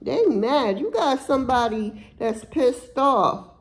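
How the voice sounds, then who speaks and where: A woman's voice: high voice, lively intonation, takes it slowly, a little hiss or hum, rough recording. Blunt, profane woman doing a tarot reading. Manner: blunt, profane, emphatic street talk. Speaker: tarot reader.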